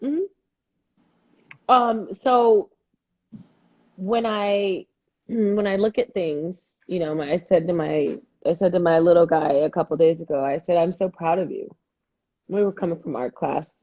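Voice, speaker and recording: A woman with a low, husky voice co-hosting a casual talk show. Her tone is dark and mellow. She tells animated stories and acts out the dialogue of the people she quotes, and the recording sounds dull and lo-fi. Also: slow, long pauses. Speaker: podcast co-host. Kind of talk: casual chat. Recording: dull lo-fi audio.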